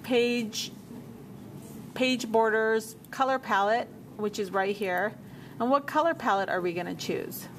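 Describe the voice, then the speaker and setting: A woman teacher walking a class through a software task step by step, repeating menu names as she checks her work. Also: a little high, measured pace, slight background noise. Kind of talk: software tutorial walkthrough.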